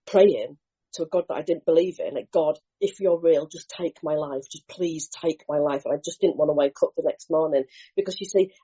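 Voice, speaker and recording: A woman gives an earnest, animated share at a recovery meeting. Her voice sits fairly low and husky with a mellow, dark tone. The live recording sounds muffled and lo-fi. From England. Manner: earnest, animated storytelling, mimics other voices.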